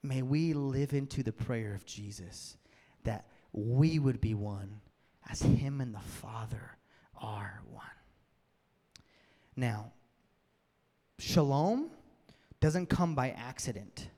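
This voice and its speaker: A man's voice: mid-range voice, lively intonation, slow pace, mellow. Man preaching in a reverberant hall. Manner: conversational, building to emphatic peaks. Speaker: pastor. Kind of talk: sermon. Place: church hall with long reverb.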